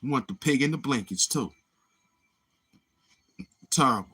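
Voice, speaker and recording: A husky man talks in a loose, rambling livestream monologue. His voice sits at a middle pitch and has a slightly rough edge, and he keeps murmuring mm-hmm as he goes. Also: lively intonation, a little slow, pushed and bright. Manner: rambling, with many murmured mm-hmms. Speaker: livestream host.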